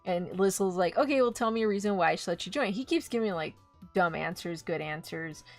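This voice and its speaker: A woman streaming live, casually recapping an anime, animated and swearing freely as she acts out quick quotes. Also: fairly low pitch, gravelly, faint music behind. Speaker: VTuber streamer.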